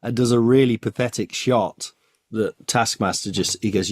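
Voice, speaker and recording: Man, podcast co-host, enthusiastic storyteller, lowish voice, dry close sound. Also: normal speed, no echo. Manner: enthusiastic, storytelling, acts out quotes. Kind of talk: casual comic-book chat.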